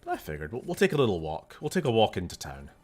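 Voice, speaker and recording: A man's voice: on the low side, wildly swooping pitch, quick pace. A young Scottish man chatting casually and jokily while streaming a game, swearing now and then.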